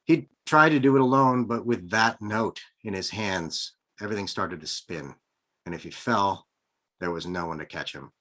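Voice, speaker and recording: A man, the author, reading his own novel aloud over a video call in measured, expressive narration. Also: on the low side. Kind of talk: live book reading.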